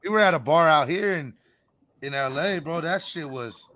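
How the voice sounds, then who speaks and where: An excitable man in casual chat who says "bro" constantly. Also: fairly high pitch, moderate pace, background noise.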